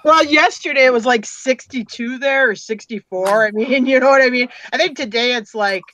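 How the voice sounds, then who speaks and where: A woman's voice: fairly high pitch, normal speed, bright, forceful tone, a little hiss or hum. A woman from the US Midwest hosting a casual chat show, rambling with lots of fillers. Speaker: host.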